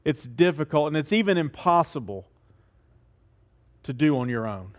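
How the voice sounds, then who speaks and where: A man's voice: a little high, expressive, moderate pace. A man preaching a sermon as pastor, speaking earnestly, asking his listeners questions and repeating phrases for emphasis.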